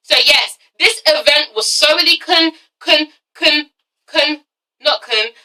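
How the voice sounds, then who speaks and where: Ranting sassily about reality TV, a nineteen-year-old English vlogger curses often and keeps throwing in "okay?" Her voice is high-pitched and sharp, and the rough recording was made far from the mic.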